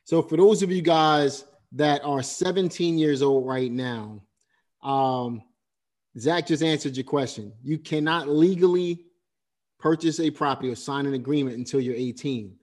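A man's voice: on the high side, unhurried, darkish tone. A man hosting an interview, recapping the guest's points like a teacher and often tagging "right?". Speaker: host. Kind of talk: interview commentary.

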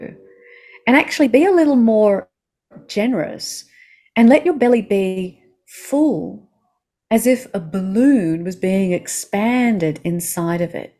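A movement instructor with an Australian accent leads a slow body-awareness lesson, speaking soothingly and asking the listener gentle questions. Her voice is a little high.

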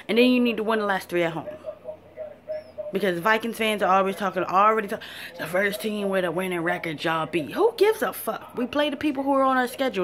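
Female fan vlogger, angry profane football rant, mid-pitched voice. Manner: fired-up, cursing, blunt.

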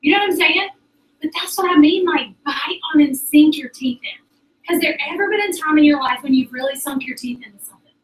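A woman's voice: sits high, fairly quick. A woman gives a chatty motivational talk to a group as a sales director, often calling them "y'all". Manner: chatty, animated, addresses the audience as "y'all". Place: meeting room with an audience. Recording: roomy sound from a distance.

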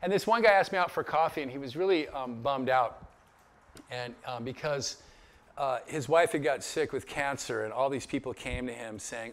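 A man leading a Bible study, speaking in an animated, conversational storytelling way with frequent asides and questions to the group. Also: medium pitch, moderate pace. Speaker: pastor. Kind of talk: casual Bible study teaching.

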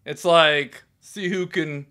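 A man co-hosting a casual comedy chat show, cracking deadpan jokes. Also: a little high, slow pace. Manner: deadpan, wisecracking. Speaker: co-host.

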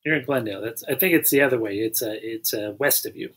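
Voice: medium pitch, quick pace, crowd noise. A podcast co-host who recaps a plot matter-of-factly, with plenty of "um" and "uh". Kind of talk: casual chat.

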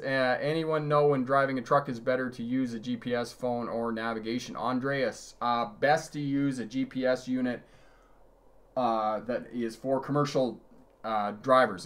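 A middle-aged man, a driving instructor, giving a live lesson, telling road stories with chuckles and reading out viewer questions. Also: medium pitch. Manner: conversational, storytelling with chuckles. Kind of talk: live-streamed lesson answering chat.

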